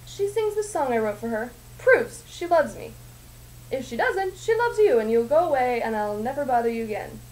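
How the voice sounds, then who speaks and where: A smug, scheming man laying out his bargain, as a woman puts him on. The voice stays near her own, a little higher and offhand. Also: big pitch swings, normal speed, a little mellow, rough recording. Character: scheming masked male composer making a bargain.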